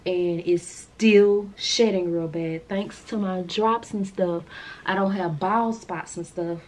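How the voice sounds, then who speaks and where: A woman talks straight to her camera in a loose, rambling vlog style, calling her viewers y'all. Her voice sits a little low. A faint hiss runs under the recording. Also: fairly even intonation, slow, a little mellow. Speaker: vlogger. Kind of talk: casual chat to camera.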